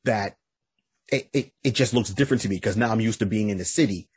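Casting note: male podcast host, low husky voice, dry close sound, chatty stammering storyteller. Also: fairly quick, no echo. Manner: stammering restarts, frequent "you know"; lively storytelling retelling. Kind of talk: casual podcast chat, recapping a comic.

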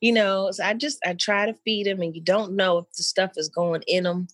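A woman chatting with an old friend in a loose, rambling way, full of fillers and restarts. Her voice sits mid-range and jumps up brightly when she quotes people. The sound is close and dry, with no room around it. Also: mid-range voice, steady tone, brisk, no room sound. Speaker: mother of an eleven-year-old. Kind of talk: casual chat between old friends.

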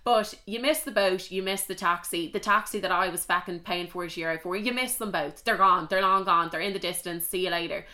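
Speaking briskly with few pauses, an Irish woman in her young adult years hosts a podcast in a lowish, bright, forceful voice. She shares personal stories candidly and chattily, curses freely, and keeps it casual and confessional.

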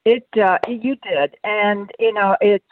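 Slow-speaking woman host on a dry, tinny line. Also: medium pitch, fairly even intonation, no echo. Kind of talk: casual conversational interview. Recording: dry, phone-like narrow band.

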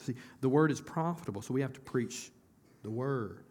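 A man preaching a sermon as pastor of a church. His voice sits at an ordinary middle pitch. He talks in a conversational way, asks the congregation questions, and doubles back on his words as he restarts. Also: normal speed, darkish tone.

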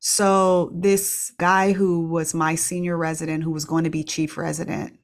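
A woman's voice: sits low, level tone, a little slow. A middle-aged woman, a pediatrician, candidly telling a personal story with laughs and restarts. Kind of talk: reflective storytelling.

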